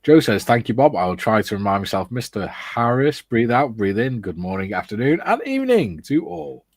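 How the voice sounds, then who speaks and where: A middle-aged man co-hosting a relaxed hobby livestream, reading viewers' comments and adding dry teasing remarks. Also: mid-range voice, moderate pace, no echo. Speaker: co-host of a model-building livestream. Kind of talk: casual chat reading out live comments.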